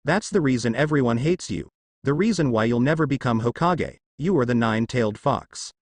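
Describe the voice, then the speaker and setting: Guy doing a spiteful traitor ninja, sneering, lively up and down voice. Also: mid-range voice, brisk, no room sound, natural voice. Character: treacherous adult male ninja, gloating then terrified. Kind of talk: fan fiction narration.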